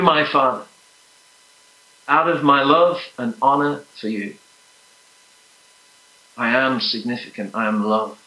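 A man preaching a sermon, earnest and emphatic, sometimes dropping to soft, hushed prayer. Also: mid-range voice, reverberant, rough recording.

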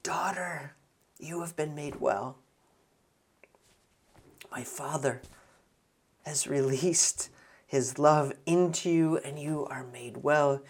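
A preacher voicing Jesus as a gentle, tender man, speaking softly in slow, hushed tones during a sermon. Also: mid-range voice, fairly even intonation. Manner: hushed, tender, soft-spoken. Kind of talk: acted scripture quotes in a sermon.

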